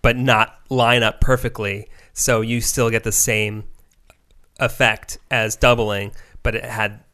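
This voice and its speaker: A man's voice: lowish voice, flat delivery, takes it slowly, bright, forceful tone, smooth. A man in casual podcast chat, explaining music history with fillers and hesitations. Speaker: podcast co-host.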